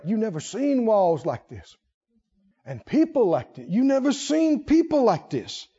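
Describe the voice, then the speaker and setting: A preacher man with a high, lively voice delivers a sermon, acting out stories and dropping into hushed asides. He speaks slowly and deliberately, and the recording is a bit dull and lo-fi. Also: breathy edge. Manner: animated, acts out stories, drops to hushed asides.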